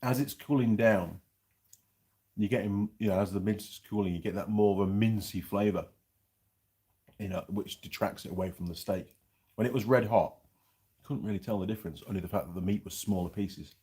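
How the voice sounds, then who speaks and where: A man's voice: lowish voice, fairly quick, dark tone. A middle-aged man hosting a casual vlog, chatting in a rambling way and reading out viewer comments while he eats. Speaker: channel host reviewing pies. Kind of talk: casual live-chat vlog.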